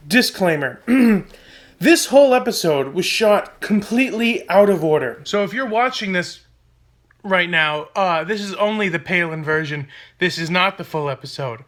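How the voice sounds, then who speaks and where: A man's voice: sits high, lively intonation, a little slow, fairly bright tone. A man hosting a satirical comedy show, delivering a sarcastic, mock-dramatic rant. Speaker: host.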